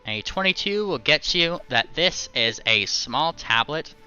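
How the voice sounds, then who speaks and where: Hesitant male game master, bright voice. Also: on the high side, lively intonation, unhurried, clear, resonant tone, highs cut off, soft background music. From not from Scotland or Britain. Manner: hesitant, full of ums and uhs. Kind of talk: narrating a tabletop game.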